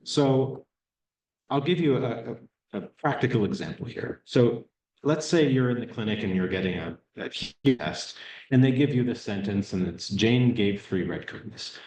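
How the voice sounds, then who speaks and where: A man's voice: mid-range voice, normal speed, a little mellow, roomy sound, rough recording. A man giving a talk to a hearing loss support group, explaining research in an easygoing way and often checking in with "right?". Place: meeting room.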